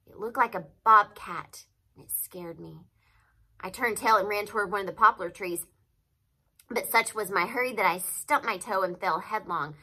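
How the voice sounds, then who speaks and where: A woman reading a novel aloud to students with expressive storytelling, pointing out figures of speech. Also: medium pitch, rough recording.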